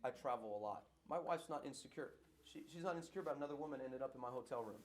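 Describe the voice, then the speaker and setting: A middle-aged man, a pastor, answering audience questions in a lively, playful way that keeps circling back on its points. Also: medium pitch, racing, a little hiss or hum. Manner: animated preacher, playful, repeats himself.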